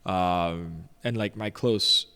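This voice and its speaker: A man's voice: deep voice, takes it slowly, clean tone. Chatty man in reverby room. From Puerto Rico. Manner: animated storyteller, loose and chatty with many fillers. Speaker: chef, podcast guest. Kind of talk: casual storytelling interview.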